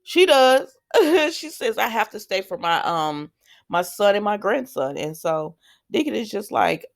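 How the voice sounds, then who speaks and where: A woman's voice: medium pitch, big pitch swings, measured pace, vocal fry. A woman hosting a casual soap opera recap, chatty and full of fillers and asides as she retells the scenes.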